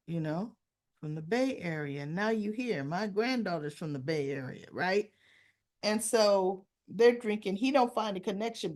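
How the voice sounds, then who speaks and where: A woman's voice: on the low side, a little mellow. A woman hosting a soap opera recap, chatting casually and acting out bits of dialogue as she retells the episode. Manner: chatty, acts out lines of dialogue.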